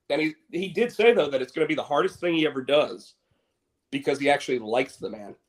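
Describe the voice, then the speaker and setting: A man's voice: on the high side, lively intonation, normal speed. A man co-hosting a podcast, chatting casually and rambling with many restarts. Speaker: podcast co-host. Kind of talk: casual chat.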